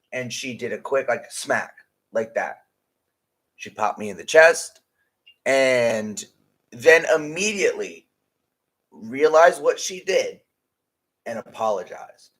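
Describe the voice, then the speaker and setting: A man's voice: mid-range voice, a bit bright, rough recording. A man co-hosting a casual podcast, talking emphatically and bluntly, with plenty of swearing. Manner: emphatic, blunt and profane, ranting. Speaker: podcast co-host and haunted house scare actor.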